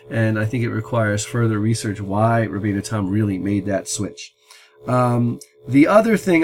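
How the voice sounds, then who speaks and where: A middle-aged man teaching about the wording of a text, explaining step by step with thoughtful pauses. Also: mid-range voice, a little hiss or hum. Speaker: Talmud teacher and podcast host.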